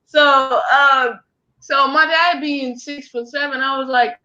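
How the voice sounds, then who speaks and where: A young woman chatting on a live stream, telling a story in a quick, lively way. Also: high-pitched. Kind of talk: casual live-stream chat. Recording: muffled online call audio.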